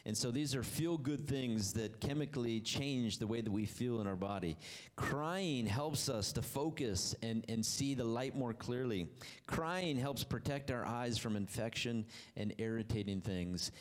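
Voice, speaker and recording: Man preaching an animated sermon. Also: measured pace. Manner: animated storytelling, voice rising and dropping low for emphasis.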